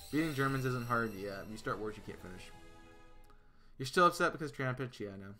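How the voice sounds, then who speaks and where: A man's voice: mid-range voice, expressive, brisk, sharp tone, soft background music. A man streaming a game live, chatting casually with his viewers, with lots of fillers and restarts. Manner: chatty, answers chat, many fillers and restarts.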